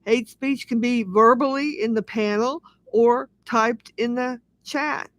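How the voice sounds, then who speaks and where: A woman's voice: on the high side, slow, no room sound. A woman hosting a casual livestream, talking in an aggrieved, repetitive rant. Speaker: livestream host.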